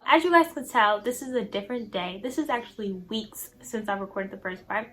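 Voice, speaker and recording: A woman's voice: mid-range voice, a little fast, a bit bright, poor audio. A teenage girl talking casually to her viewers in a chatty, self-assured way. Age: teens. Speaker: vlogger. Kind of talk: casual vlog talk to camera.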